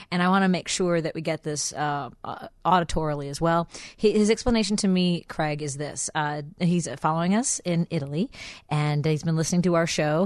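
A woman's voice: lowish voice, clean tone, no room sound, studio quality. A woman from Chicago hosting a radio show in casual, playful chat, laughing often and stumbling over words.

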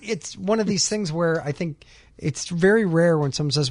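A man, a senator guest on a talk show, explaining his view in a rambling way with pauses and ums. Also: a little high, a little mellow, no echo, studio quality. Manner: rambling, searching for words with ums. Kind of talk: casual studio chat.

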